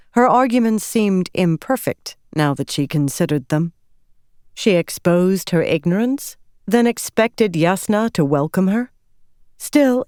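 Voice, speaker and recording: A woman reading a fantasy audiobook in measured, scripted narration. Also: lowish voice, darkish tone, dry recording, studio quality.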